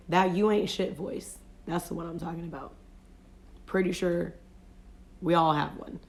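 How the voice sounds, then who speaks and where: Woman, life coach, low and gravelly with vocal fry, reflective and conversational, phone livestream. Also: fairly even intonation. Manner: reflective, unhurried, peppered with "you know". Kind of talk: casual motivational livestream talk.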